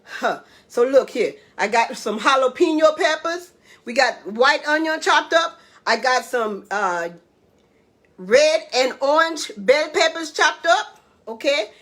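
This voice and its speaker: High-voiced chatty woman cooking host. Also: animated, slow pace, a bit bright. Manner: chatty, playful, addresses viewers as babies and honey. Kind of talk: casual cooking vlog.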